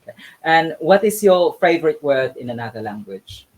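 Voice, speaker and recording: A man's voice: on the high side, big pitch swings, normal speed, low-quality recording. A man hosting an interview, asking questions hesitantly with many ums. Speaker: interview host.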